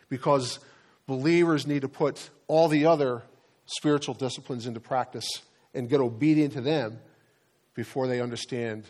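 Preaching with a medium-pitched voice, this middle-aged pastor shares stories casually and conversationally, frequently repeating words as he goes.

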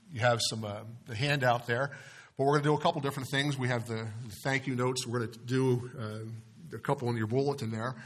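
A pastor praying and then preaching to his congregation, earnest, with many restarts, going soft on prayer phrases and louder on stressed words. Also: medium pitch. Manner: earnest, with frequent restarts and fillers. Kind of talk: sermon with opening prayer. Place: church sanctuary.

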